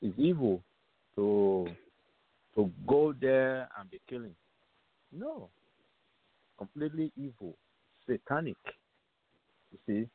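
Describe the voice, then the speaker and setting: Heard on a tinny, dry phone call-in line with no echo, a man hosts a radio show and preaches emphatically, repeating phrases and asking rhetorical questions. His mid-range voice is very animated, yet he talks slowly with long pauses.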